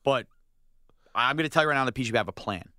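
A man's voice: medium pitch, expressive, fast, sharp tone, no echo, clean studio sound. A man co-hosting a sports radio show, complaining with indignant, rising outbursts. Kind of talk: animated sports radio banter.

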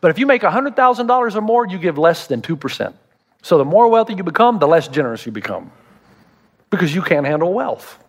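A middle-aged man preaches with a noticeably high voice. He is animated and humorous, and he slips into quoted voices to make his points in a sermon. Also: brisk. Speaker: pastor.

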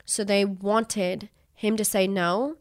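A woman's voice: medium pitch, fairly even intonation, slow pace. A young woman from Australia, a podcast guest, telling her story candidly and emotionally, swearing freely and acting out what others said. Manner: emotional, swears freely, acts out quoted voices.

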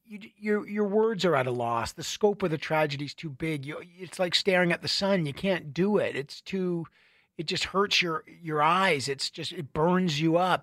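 A middle-aged man hosting a radio show, telling stories in a casual, animated way with many restarts. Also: on the high side, no room sound, clean studio sound. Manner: conversational, animated storytelling with restarts. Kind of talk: casual talk radio monologue.

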